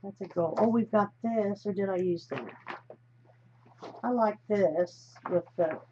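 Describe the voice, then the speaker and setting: A woman's voice: medium pitch, measured pace. A chatty woman from the United States hosts a live stream as she crafts. She rambles and often drops a sentence halfway to start another. The recording is slightly dull, with a faint hiss underneath.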